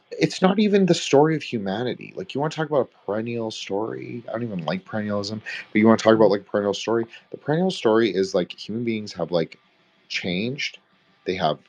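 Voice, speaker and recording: A man's voice: fairly low pitch, vocal fry. A young man from Canada, co-hosting a podcast roundtable in a rambling, profane, filler-heavy casual chat. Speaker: podcast co-host.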